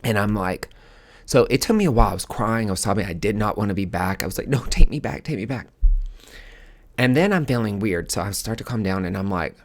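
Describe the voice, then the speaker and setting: Brief: man from the US, lowish voice, podcast host, loose rambling storyteller who breaks into acted-out dialogue. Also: quick pace. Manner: animated, rambling, many fillers and restarts; acts out quoted dialogue with sudden high outbursts. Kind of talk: casual storytelling.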